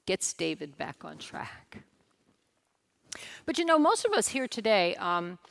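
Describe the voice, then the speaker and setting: A woman's voice: medium pitch, fairly bright tone. A woman pastor preaching a sermon at a church service, telling a story with emphatic repetition and speaking directly to the congregation with light humor.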